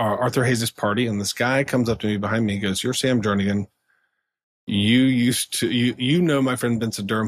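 A man as a podcast guest, telling a story in a chatty way, full of fillers and quick laughs. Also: fairly low pitch, fairly bright tone, husky, no echo, clean studio sound. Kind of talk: casual storytelling in conversation.

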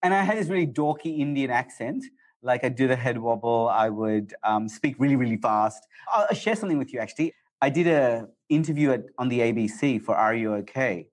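A man in his forties speaks as an interview guest with a voice of ordinary pitch. He tells his stories in an animated, excitable rush, often quick and lively. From Australia. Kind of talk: casual interview talk.

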